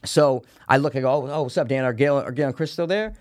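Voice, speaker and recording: A young man telling a story in casual chat, swearing freely and acting out the shouted lines at a raised volume. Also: medium pitch, fast talker, no echo, studio quality. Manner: profane, acts out quotes loudly with a raised voice.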